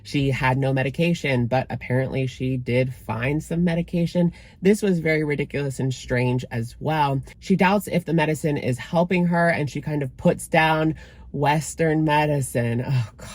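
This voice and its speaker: A man's voice: fairly high pitch, normal speed. Male commentary host, casual delivery, dry sarcastic bite. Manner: sarcastic, dismissive.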